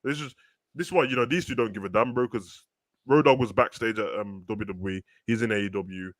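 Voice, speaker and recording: A man's voice: on the low side, dry recording. A man co-hosting a wrestling review show, telling slangy stories and laughing often. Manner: fast, slangy, laughing storyteller. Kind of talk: casual chat.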